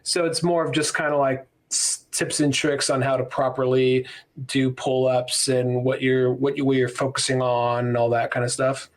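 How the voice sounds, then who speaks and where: Male podcast co-host, easygoing, halting casual speech. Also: medium pitch. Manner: relaxed, halting, with many restarts. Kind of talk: casual chat.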